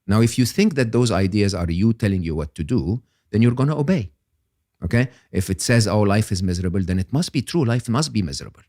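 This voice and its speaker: An older man, a guest on an interview podcast, explaining ideas in an animated, emphatic way and often checking in with "okay?". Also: on the low side, fairly quick, no echo, studio quality.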